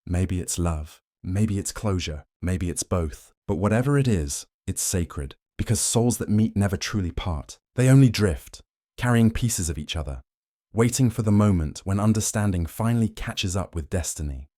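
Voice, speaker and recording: A man with a very deep, dark and mellow voice reads scripted motivational narration. His delivery is slow, measured and solemn. The sound is dry and close, with no room around it. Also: animated, no room sound.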